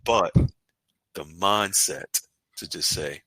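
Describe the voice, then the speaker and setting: A man hosting a casual interview, talking with lively reactions and frequent affirmations. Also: low voice, moderate pace, no room sound.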